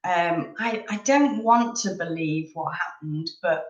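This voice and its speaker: Woman, 30s, from England; unhurried, rambling live-chat host; echoey room. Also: fairly low pitch, lo-fi sound. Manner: chatty, rambling, sips coffee.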